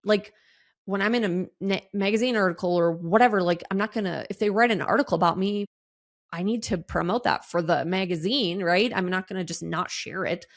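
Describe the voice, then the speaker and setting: Casting: woman in her thirties, middle-pitched, candid rambling podcast host. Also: fairly quick. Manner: candid, rambling, with many fillers and restarts; animated quoted asides in a higher voice. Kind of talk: solo podcast monologue.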